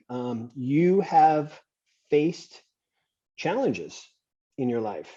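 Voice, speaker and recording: A man hosting a podcast, telling stories and giving advice in a relaxed, chatty way. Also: medium pitch, breathy edge. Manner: relaxed, anecdotal, gives advice. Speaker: podcast host. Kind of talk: conversational interview, storytelling. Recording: slightly muffled lo-fi audio.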